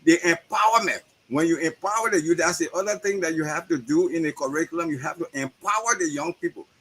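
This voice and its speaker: A man's voice: on the high side, fast talker, fairly bright tone, breathy edge, low-quality recording. A man with a Liberian accent, a guest educator speaking animatedly in an interview over a video call, often repeating words as he builds a point. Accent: Liberian English. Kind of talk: conversational interview.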